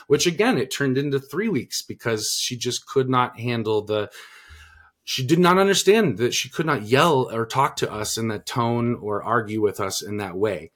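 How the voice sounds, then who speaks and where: A man's voice: mid-range voice, animated, normal speed. A man in casual podcast conversation, speaking with a mid-range voice. He talks earnestly and loosely, circling back with restarts and fillers as he works through his thoughts. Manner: earnest, rambling, frequent restarts and "you know" fillers. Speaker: podcast co-host and parent.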